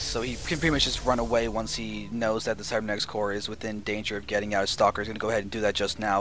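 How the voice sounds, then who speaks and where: Man, esports play-by-play, analytical, faint background hiss, headset mic. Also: on the low side. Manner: analytical, rising excitement at big plays. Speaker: esports caster. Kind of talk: play-by-play game commentary.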